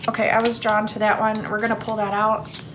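A woman's voice: medium pitch, monotone, fairly quick, noisy background. A woman giving a casual tarot card reading for her channel, chatting in a rambling way with lots of fillers. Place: her home, downstairs.

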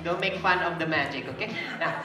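At a live kids' party, a party magician with a Filipino accent playfully teases and coaxes the children through her tricks. Her lowish voice runs a little fast, picked up far from the mic in an echoey hall with music and crowd noise.

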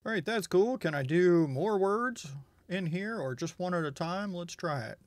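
A man with a slightly higher voice talks through a software demo, chatty and wry, thinking aloud as he clicks. His manner is candid and relaxed. The sound is dry and close to the mic. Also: moderate pace, no room sound. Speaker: software reviewer. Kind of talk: casual screen-recorded tutorial.

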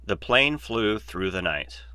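A man narrating a novel aloud in a steady, measured way. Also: fairly low pitch, no room sound. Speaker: audiobook narrator.

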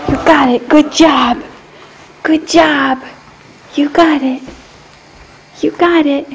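Mom on home video, high lively baby talk, slow and coaxing, laughs a lot. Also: female voice, a little hiss or hum. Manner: sing-song, coaxing, laughing often. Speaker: mother filming her toddler.

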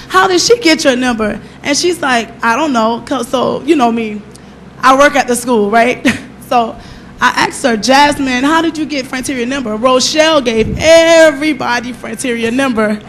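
At a church service, a middle-aged woman with a high voice gives a personal testimony, and there's a little hiss or hum on the recording. She tells her story with animation, acting out the lines of the people in it.

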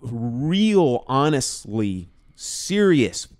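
A man, a guest on a podcast, telling a personal story in a casual, animated way and filling it with "you know". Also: medium pitch, drawn-out words. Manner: animated storyteller, acts out quoted dialogue, many "you know"s. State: emotional, choked up. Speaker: podcast guest, drum teacher.

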